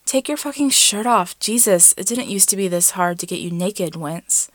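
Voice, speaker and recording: A woman's voice: mid-range voice, lively intonation, moderate pace, dry recording, close to an everyday voice. A woman reading a story aloud voices an impatient young man, a lead singer, who speaks in urgent, half-whispered bursts.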